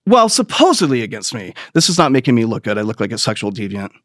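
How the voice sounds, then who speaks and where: A man's voice: medium pitch, sing-song, quick pace, fairly bright tone, no room sound, studio quality. A man hosting a comedy podcast, telling crude, rambling stories in a profane, self-mocking way and laughing at his own jokes. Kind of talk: crude comic storytelling monologue.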